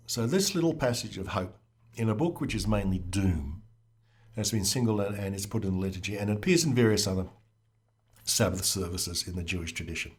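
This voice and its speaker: Guy on a podcast, lowish voice, explains stuff casually with dry little jokes. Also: animated, brisk, slightly rough. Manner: wry and explanatory, occasional restarts. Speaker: podcast guest, fellow podcaster. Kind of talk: casual conversational discussion.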